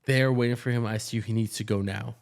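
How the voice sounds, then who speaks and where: A man's voice: mid-range voice, fast, vocal fry. A man in his thirties co-hosts a casual podcast and tells emergency-room stories. He acts out what other people said as he goes. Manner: animated, acts out quoted dialogue. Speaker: ER nurse, podcast co-host. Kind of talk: casual storytelling chat.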